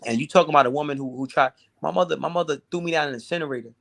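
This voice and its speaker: A man's voice: fairly high pitch, rapid-fire, vocal fry, a bit bright. A man with a slightly raised voice tells a painful personal story as an interview guest. He talks intensely, circling back and repeating words as he pushes through.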